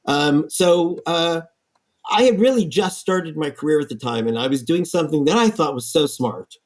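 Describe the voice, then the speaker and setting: A man, an architect guest, telling stories in a lively, animated way in a podcast interview. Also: on the high side, normal speed. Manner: lively storyteller, acts out quoted voices.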